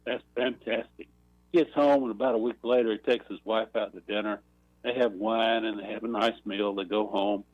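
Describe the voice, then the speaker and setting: A man calling a talk radio show and slowly telling a long joke, clearing his throat along the way. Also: on the low side, steady tone, no echo, muffled recording. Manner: slow rambling storyteller, clears throat. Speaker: caller.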